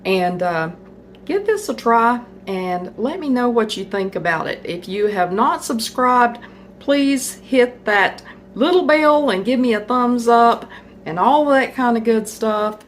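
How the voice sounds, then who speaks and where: Middle-aged home-cook vlogger, folksy and chatty, unhurried delivery, faint noise behind. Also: female voice, fairly high pitch, animated. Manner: chatty, folksy, tasting food on camera. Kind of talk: casual cooking vlog.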